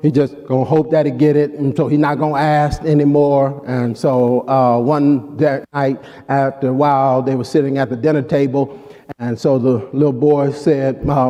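A man's voice: mid-range voice, flat delivery, moderate pace, warm tone. A male pastor preaching a sermon, emphatic and calling out to the congregation. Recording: long hall reverb.

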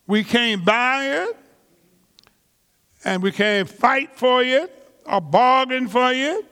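Pastor, male, high voice, deliberate preaching pace, reverberant church sound. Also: lively intonation, bright, forceful tone, clean tone. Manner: slow, emphatic preaching with drawn-out words and repetitions; colloquial vernacular grammar. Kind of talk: sermon.

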